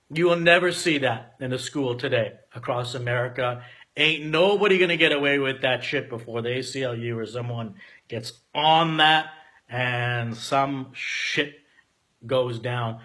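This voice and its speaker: Man in his forties, bright forceful tone, candid storytelling, profane, loud-to-quiet swings. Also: medium pitch. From Canada.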